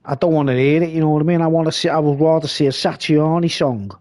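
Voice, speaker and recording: A man's voice: a little high, fairly even intonation, fast, a little mellow. A man hosting a live stream, rambling casually and reading comments aloud.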